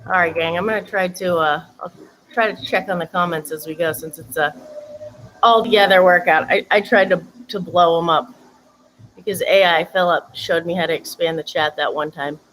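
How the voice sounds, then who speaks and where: A woman's voice: lowish voice, fairly even intonation, normal speed, fairly bright tone, slight background noise, poor audio. A woman fitness coach giving chatty, upbeat instructions during a live-streamed workout, laughing now and then between cues.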